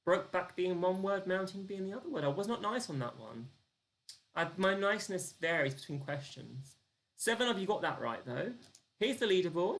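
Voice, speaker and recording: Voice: medium pitch, lively intonation, moderate pace. A live-streamed quiz host, chatty and self-deprecating, counting down the clock and reading out the answers and the leaderboard.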